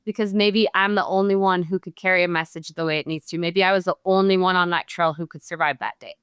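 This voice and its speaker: Earnest woman, smooth clear voice. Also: on the low side, steady tone, quick pace, a bit bright, no room sound, clean studio sound. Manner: earnest and heartfelt. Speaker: podcast guest. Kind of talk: reflective interview talk.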